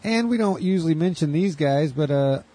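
A man co-hosting a casual podcast, telling rambling, jokey stories and running through birthday shout-outs. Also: a little high, expressive, normal speed. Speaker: podcast co-host. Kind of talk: casual chat.

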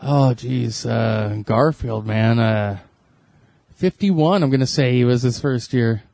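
A man's voice: medium pitch, slow pace, mellow, no room sound. Man, podcast co-host, hesitant casual talk, lots of fillers, dry close sound. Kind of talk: casual chat.

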